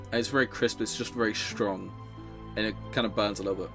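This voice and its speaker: A man's voice: on the low side, steady tone, fast talker, a bit bright, faint music behind. A man running a tabletop game as game master, giggling and apologizing between descriptions, with many ums.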